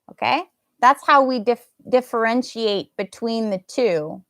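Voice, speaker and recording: A woman's voice: fairly high pitch, measured pace, fairly bright tone, no echo, studio quality. A woman with an American accent teaching a live English lesson, enunciating words carefully and slipping into Indonesian phrases. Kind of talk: live online language lesson.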